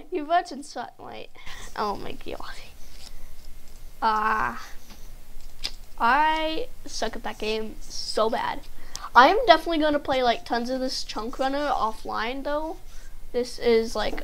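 A young woman giving casual, excitable commentary while playing a video game with a friend, full of fillers and sudden yelps. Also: fairly high pitch, gravelly, slight background noise. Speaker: gaming video host.

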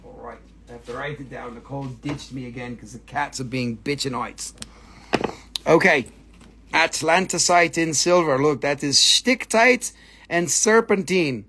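A man's voice: mid-range voice, a bit bright, husky. A man running a live sales stream for rocks and minerals, with hammy, playful patter in mock broken English.

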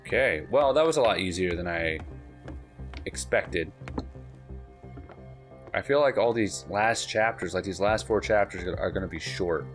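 A man's voice: deep voice, moderate pace, pauses often, faint music behind. A young man giving casual let's-play commentary, jittery and swearing, repeating himself as he plays. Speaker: gamer.

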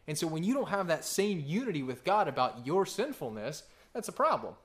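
With a slightly high, fairly bright voice, this thirty-something pastor preaches in a very animated, fairly quick way. His sermon is conversational and story-driven, peppered with "right?" asides.

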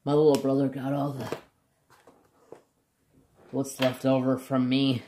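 A man's voice: medium pitch, completely flat delivery, a little slow, mellow, slight background noise. A man chatting casually and jokingly as he swatches markers for his craft vlog. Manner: chatty, joking, self-deprecating. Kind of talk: casual chat.

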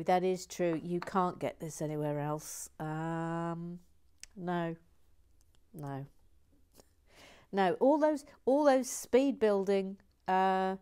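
A woman hosting a model-building stream on a lapel mic, chatting in a rambling, self-mocking way and dropping into soft whispered asides. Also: fairly low pitch, clean tone. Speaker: host building a toy model. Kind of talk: casual chat while building. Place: indoors at a table.

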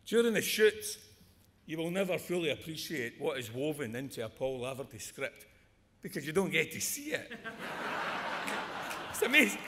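A man's voice: a little high, very animated, moderate pace, long pauses, bright, forceful tone. Joking man in an echoey hall. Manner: joking, rambling with repeated restarts. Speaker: award presenter. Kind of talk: humorous awards speech. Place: large ceremony hall with audience. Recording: echoey hall, audience noise.

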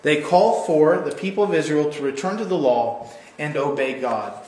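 Casting: male church teacher, slightly higher voice, loose and chatty, echoey room. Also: normal speed, darkish tone. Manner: casual, digressive, acts out quoted voices playfully. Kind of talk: recorded teaching video.

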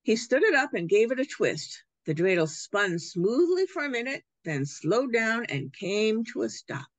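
A children's book author reading her picture book aloud at a library event. Her storytelling is expressive, her low voice slightly breathy and swinging widely in pitch. The sound is close and dry. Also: unhurried, no room sound.

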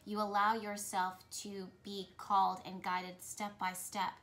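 Her delivery is flat and unhurried, her voice medium-pitched and a bit bright. Talking straight to camera as a spiritual reader, she offers an intuitive message in a repetitive, flowing, earnest style.

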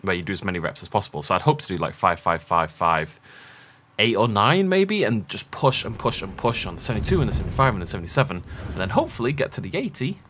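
Chatty low-voiced gaming man. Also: sing-song, fast, a bit bright, a little hiss or hum. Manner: chatty, rambling, self-deprecating. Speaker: let's play host. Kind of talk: casual gameplay commentary.

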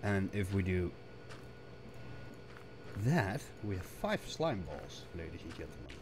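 Hoarse man, low voice with lively swings, slow-talking gameplay streamer, mutters and grumbles. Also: noisy background. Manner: muttering to himself, frustrated outbursts. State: hoarse, coughing. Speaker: gaming streamer. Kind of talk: casual gameplay commentary.

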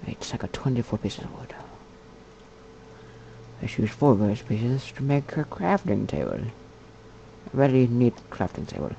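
A man giving casual gameplay commentary in a put-on character voice, muttering, whispering and chatting to the animals on screen. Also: dark tone. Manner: puts on a slow, low, gravelly character voice. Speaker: gamer. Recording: dull lo-fi mic with faint hiss.

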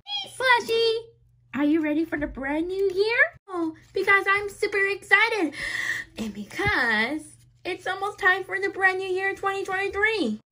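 A woman narrating a toy play video in an excited, sing-song, cheerful way. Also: extremely high pitch, measured pace. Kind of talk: playing with toys and voicing them.

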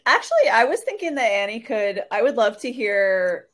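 A woman's voice: on the high side, sing-song, normal speed. A woman co-hosting a podcast in casual chat, upbeat and chatty, laughing often. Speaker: podcast co-host.

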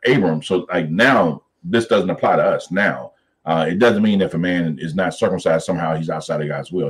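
Animated preacherly man teaching scripture. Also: deep voice, rough recording. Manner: animated, preacherly, reads scripture slowly then riffs on it. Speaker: Bible study teacher. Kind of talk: Bible study teaching.

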